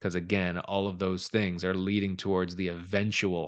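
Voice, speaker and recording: A man's voice: low voice, flat delivery, normal speed, no room sound. A man co-hosting a real estate podcast, chatting casually with a joking, self-deprecating manner. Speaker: podcast co-host, realtor. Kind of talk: casual chat.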